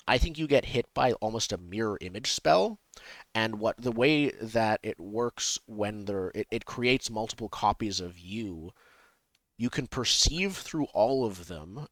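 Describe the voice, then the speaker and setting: Young guy gm narrating a tabletop game, kinda low voice, lots of ums and restarts, dry sound. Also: fairly bright tone, dry recording. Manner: halting, many ums and restarts. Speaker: game master.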